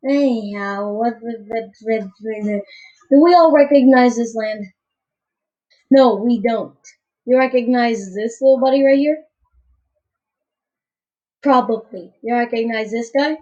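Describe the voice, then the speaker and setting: A woman's voice: fairly high pitch, a little slow, long pauses, dark tone, dull audio. A woman giving casual, goofy gameplay commentary, rambling and tripping over her words.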